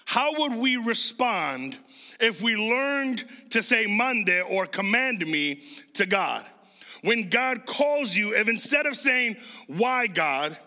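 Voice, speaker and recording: A man's voice: very high voice, sing-song, takes it slowly, pushed and bright. A man in his thirties from Chicago, preaching a conversational sermon and quizzing the congregation. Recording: long reverb of a large hall.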